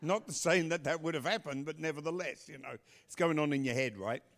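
A middle-aged man telling a story and giving announcements at a church service, animated, with loud bursts. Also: fairly high pitch, fairly quick, vocal fry. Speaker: pastor.

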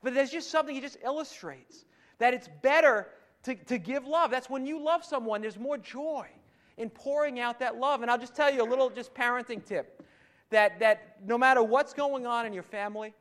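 A man with a very high voice preaches a sermon as if chatting with his congregation. He stumbles and restarts, then rises to emphatic points. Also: moderate pace, a bit bright. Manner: conversational preaching with frequent restarts and rising emphasis. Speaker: pastor.

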